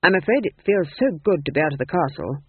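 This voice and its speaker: A man's voice: a little high, very animated, fast talker, slightly rough, no echo. A reader voicing the eager, formal ghost of a king. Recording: tinny, dry phone-like audio.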